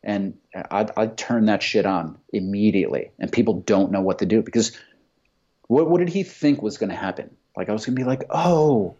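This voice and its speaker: A man's voice: lowish voice, animated, normal speed, darkish tone. A man telling profane, heated stories in casual chat. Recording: dull lo-fi sound.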